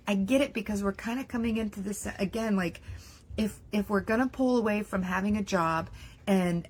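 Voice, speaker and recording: A young woman with a slightly husky voice speaks straight to her viewers as a mindset coach. She talks casually and with animation, dropping plenty of "like" fillers and slipping into worried inner voices to make her point. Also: medium pitch. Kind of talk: casual motivational talk to camera.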